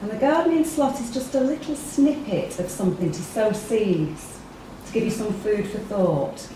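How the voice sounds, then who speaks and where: A woman's voice: medium pitch, lively intonation, moderate pace, background noise. English woman leading a group workshop. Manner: chatty, asks the audience questions. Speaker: workshop speaker. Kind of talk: interactive talk to a small group. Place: meeting room with a live audience. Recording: echoey room, mic far off.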